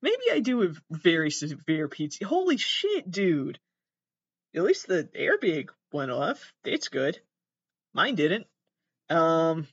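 A man's voice: a little high, a bit bright, no room sound. Agitated swearing man, dry lo-fi sound. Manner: agitated, swearing, exclaiming in alarm. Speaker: podcast host. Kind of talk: casual reaction commentary.

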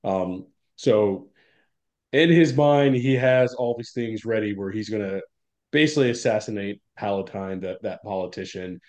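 Animated, swearing podcast co-host man. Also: on the low side. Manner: animated, profane, quick to laugh. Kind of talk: casual film discussion.

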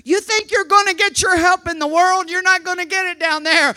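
A woman preacher telling a personal story in a sermon, impassioned, moving from hushed narration to shouting and often repeating words. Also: extremely high pitch, expressive, normal speed, hardly any pauses, dry recording. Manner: repeats words when stirred.

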